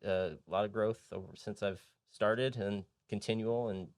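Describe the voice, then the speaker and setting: A man's voice: lowish voice, fairly even intonation, measured pace, no echo. A man from Indianapolis, a real estate agent and podcast guest, telling his story in an earnest, rambling, easygoing way in a recording studio. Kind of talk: casual interview storytelling.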